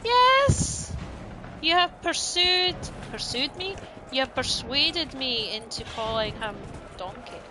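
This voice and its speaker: A woman's voice: high voice, unhurried, background noise. A woman streaming a video game, chatting playfully and breaking into squeals and giggles.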